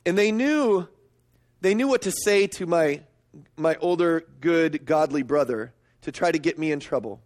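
A middle-aged man preaching a sermon, emphatic and storytelling, swinging up to excited peaks. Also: a little slow. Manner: storytelling, emphatic, rising to high excited pitch. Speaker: pastor.

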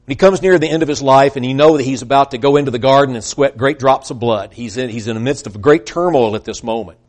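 A man preaching a sermon, earnest, rising to emphatic peaks and then trailing off quietly, acting out quoted voices as he goes. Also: medium pitch, fast talker.

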